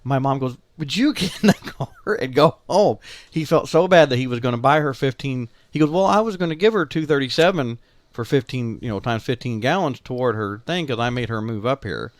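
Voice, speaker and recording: A man's voice: medium pitch, a little fast, no room sound. A man with a Southern Illinois accent telling a long family story in casual podcast chat, acting out the voices of the people in it. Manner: animated storyteller, acts out quoted family voices. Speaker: podcast co-host.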